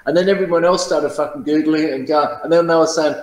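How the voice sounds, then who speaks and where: A man's voice: a little high, fairly even intonation, quick pace, reverberant, poor audio. A man telling profane, boastful stories in casual chat, often laughing at his own tales. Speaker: channel host.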